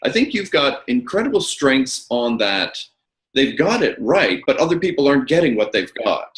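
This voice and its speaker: Male interviewer and coach, emphatic and animated, roomy sound. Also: medium pitch, normal speed. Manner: emphatic, repeats words when starting a thought.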